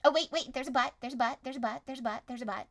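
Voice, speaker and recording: A young woman streamer improvising a story with her chat in a playful, animated way, at times loud and at times hushed. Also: high-pitched, racing. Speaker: streamer running an interactive story.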